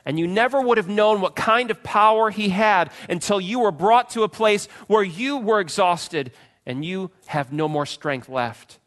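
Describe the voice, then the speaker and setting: A male preacher with a somewhat high voice delivers a sermon with a strong sense of drama. His lines rise to loud, pleading cries and then fall to near-whispered calm. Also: unhurried. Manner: dramatic, swings from loud pleading to hushed quiet. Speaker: pastor.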